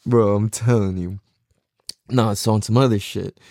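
A young man in a casual, profane, excitable monologue full of slang. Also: fairly low pitch, normal speed, no room sound, studio quality.

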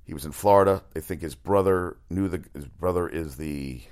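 A man's voice: low voice, moderate pace, darkish tone. A man hosting a casual sports talk monologue, rambling and profane, often restarting his sentences. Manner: exasperated outbursts.

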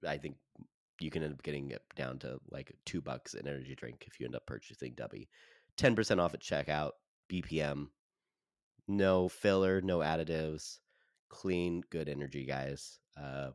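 A man's voice: a bass voice, no echo, clean studio sound. A man co-hosting a podcast, laid-back and teasing as he chats. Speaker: podcast co-host. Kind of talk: casual chat, reading a sponsor plug.

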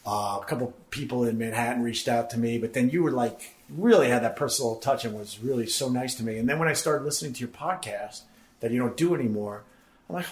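A man's voice: medium pitch, fairly quick. Man, joking host, casual chat, echoey room. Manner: joking, rambling, teasing. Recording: echoey room from far off, background noise.

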